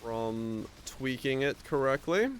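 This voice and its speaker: A man's voice: medium pitch, slow pace, a little hiss or hum. A young man streaming a game, chatting casually, answering chat questions and thinking aloud as he plays.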